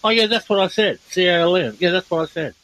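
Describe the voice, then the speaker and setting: A man's voice: high-pitched, quick pace, a bit bright, no room sound, poor audio. A man hosting a casual discussion, eagerly explaining clips and often restarting his sentences. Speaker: host presenting reversed speech clips.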